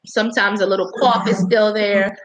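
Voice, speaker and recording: A woman's voice: mid-range voice, flat delivery, moderate pace, crowd noise, low-quality recording. Conversational woman health worker, congested. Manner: conversational, with frequent restarts and fillers. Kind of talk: casual panel discussion.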